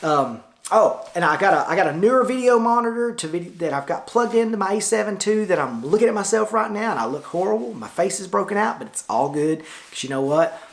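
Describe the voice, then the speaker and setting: A middle-aged man with a Tennessee Southern drawl, his voice sitting a little higher than most men's. He rambles in a folksy, easygoing way, full of little fillers, like a casual vlog. He is recorded indoors in his studio lounge on a camera-mounted shotgun mic. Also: expressive, fairly quick, gravelly. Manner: folksy, chatty, loose with many fillers. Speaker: photographer vlogger.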